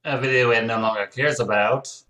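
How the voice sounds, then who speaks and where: A man giving dry, mocking commentary with deadpan sarcasm. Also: mid-range voice, normal speed, poor audio. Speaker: commentary YouTuber.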